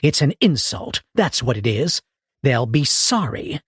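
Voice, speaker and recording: A man's voice: mid-range voice, very animated, measured pace, husky, no room sound, studio quality, exaggerated voice. A man voicing a pompous professor who sneers, blusters and seethes with indignation. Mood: indignant. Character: pompous, easily enraged middle-aged professor.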